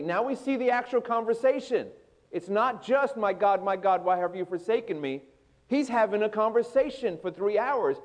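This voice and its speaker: Male preacher, high-voiced, theatrical sermon delivery. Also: expressive, normal speed. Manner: dramatic, voicing scripture with swelling intensity.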